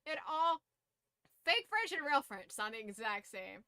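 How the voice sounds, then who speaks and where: Woman streamer, casual stream chat, blunt and profane, throat going hoarse, bright crisp voice, dry close mic. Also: high-pitched, sing-song, unhurried, dry recording. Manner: blunt, swears freely, laughs often.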